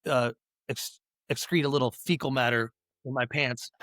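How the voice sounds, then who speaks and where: A man's voice: mid-range voice, steady tone, moderate pace, a bit bright, no echo, studio quality. A man co-hosting a podcast, recapping a movie in a loose, rambling way with lots of swearing and fillers. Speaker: podcast co-host. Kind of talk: casual movie recap chat.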